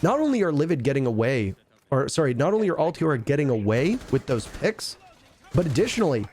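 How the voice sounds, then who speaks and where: A man's voice: medium pitch, sing-song, fairly quick, a little mellow. A man doing color commentary on an esports match, breaking down play in an emphatic, analytical way.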